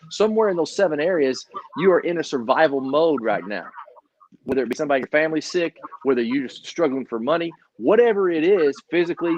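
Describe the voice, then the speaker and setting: A middle-aged man giving a casual motivational talk as a trainer, energetic and laughing often, with many restarts. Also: fairly high pitch, no room sound, highs cut off. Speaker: trainer co-hosting a live training session.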